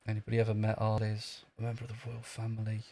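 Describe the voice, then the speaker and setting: A man's voice: lowish voice, completely flat delivery, very fast, creaky, warm tone. A man chatting dryly and sarcastically on a live stream from an outdoor queue. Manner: dry, sardonic, joking. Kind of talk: casual live-stream chat.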